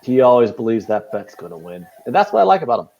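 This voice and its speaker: A man's voice: mid-range voice, very animated, quick pace, creaky. Male betting-show host, teasing and self-deprecating, over dull stream sound. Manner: joking, self-deprecating banter. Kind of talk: casual live betting stream chat.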